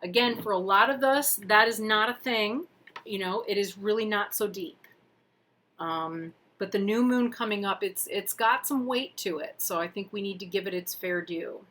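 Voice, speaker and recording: A woman's voice: medium pitch, normal speed, fairly bright tone. A woman doing a casual tarot reading on camera, chatty and playful, thinking aloud with asides as she explains. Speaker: tarot reader. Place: at a table with camera.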